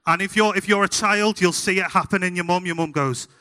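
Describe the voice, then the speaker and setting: A young man with a Scouse accent from Liverpool, preaching a sermon told through funny, animated stories. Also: high-pitched, a little fast. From Liverpool, England. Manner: humorous, animated anecdotes. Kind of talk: sermon with storytelling. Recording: hall reverb.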